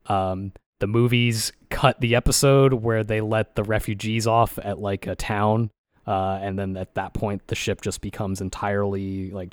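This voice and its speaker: Low-voiced man chatting loosely. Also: dry recording, clean studio sound. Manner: rambling, many fillers, acts out quotes. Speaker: podcast co-host. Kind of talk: casual chat.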